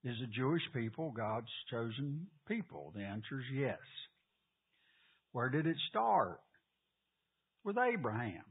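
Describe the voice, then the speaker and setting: A man's voice: mid-range voice, sing-song, measured pace, pauses often. Man teaching a Bible class. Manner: asks the class questions, repeats key points. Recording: phone-like lo-fi, husky.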